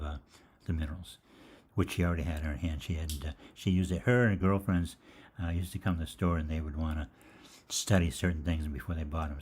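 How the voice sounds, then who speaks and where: Low-voiced older man telling rambling stories. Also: darkish tone. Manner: rambling, jokey anecdotes with casual swearing. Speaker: host of a live health Q&A. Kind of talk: casual live Q&A storytelling.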